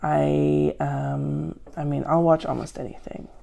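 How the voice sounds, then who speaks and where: Gravelly low-voiced woman, dry and sarcastic. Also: level tone, a little slow, warm tone. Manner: dry, sarcastic, self-mocking. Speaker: show host answering viewer questions. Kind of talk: deadpan comedic Q&A. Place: at home.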